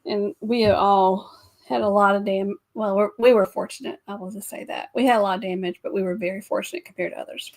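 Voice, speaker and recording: A woman's voice: medium pitch, fairly even intonation, fairly quick, darkish tone. A woman co-hosting a casual livestream chat, laughing often between remarks. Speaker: livestream co-host.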